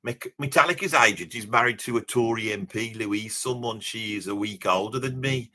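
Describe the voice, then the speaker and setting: Reading viewer comments on a live stream where he's a guest, a middle-aged Birmingham man rambles and cracks jokes with mock boasting. His voice sits lowish and sounds sharp, at a normal speed, with the accent of his home city in England.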